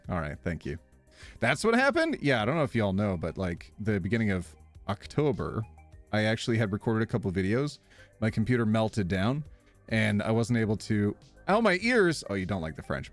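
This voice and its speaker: A man's voice: on the low side, moderate pace, gravelly, soft background music. A man live streaming, chatting casually with viewers, reading their messages aloud and laughing often. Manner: animated, reads chat aloud and laughs a lot.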